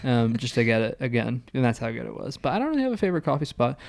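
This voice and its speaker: Laid-back young man, gravelly voice. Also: medium pitch, very animated, racing, darkish tone. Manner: laid-back, hesitant, lots of "like". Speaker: podcast co-host, pro player. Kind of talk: casual podcast chat.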